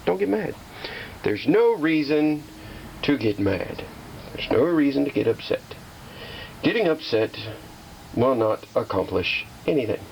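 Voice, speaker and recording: Man, mid pitch, casual workshop vlogger, chatty and self-mocking, faint hiss behind. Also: measured pace, creaky, long pauses, low-quality recording. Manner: talks himself down, repeating calming phrases in a singsong way; self-deprecating, chatty with viewers. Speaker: hobbyist restoring a slot machine.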